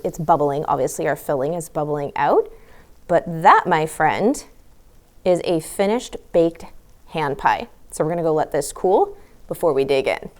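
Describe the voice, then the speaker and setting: A woman hosting a homesteading channel, chatting directly to the viewer as she walks through a wood stove cooking demonstration. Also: lowish voice. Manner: chatty, talks straight to the viewer.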